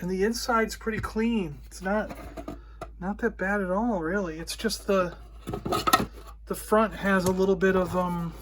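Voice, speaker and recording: A man hosting his own vlog, casually retelling a story in an animated way, acting out the voices of the people he quotes. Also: sits high, measured pace, noisy background. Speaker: host. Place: indoors toy room.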